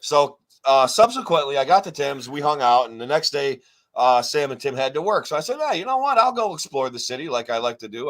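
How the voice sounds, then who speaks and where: A man co-hosting a podcast, telling a long rambling story in casual chat, swearing often and acting out what others said. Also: medium pitch. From New York State. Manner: rambling, profane, animated retelling. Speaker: podcast co-host.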